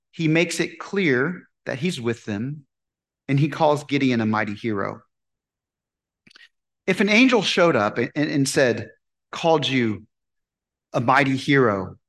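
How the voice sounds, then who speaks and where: A man preaching a sermon in an animated way, asking his listeners questions and answering them. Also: mid-range voice, measured pace. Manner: animated, asks the congregation questions. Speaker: pastor.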